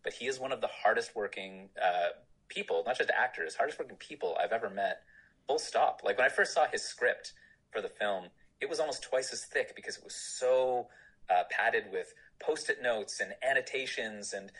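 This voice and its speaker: A man's voice: medium pitch, normal speed, a bit bright, slightly rough, poor audio. A man, a film director, answering interview questions in a rambling, self-deprecating way with frequent laughs.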